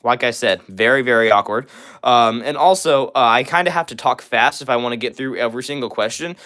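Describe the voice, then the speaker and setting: A young man from Missouri hosting a livestream, rapidly reading and answering viewer comments with lots of fillers. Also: medium pitch, a bit bright. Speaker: livestream host. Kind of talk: fast live chat reading.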